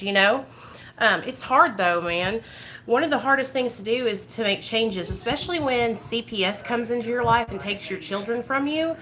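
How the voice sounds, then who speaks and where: A woman's voice: medium pitch, pushed and bright, poor audio. A woman in her thirties talking to her viewers as a vlogger, emotional and rambling, with many fillers and asides. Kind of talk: emotional casual talk to viewers.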